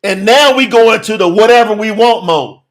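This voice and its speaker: A man preaching a sermon, reading scripture verses and commenting on them with emphatic rhetorical questions and bursts of shouting. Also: sits high, moderate pace. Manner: breaks into shouting.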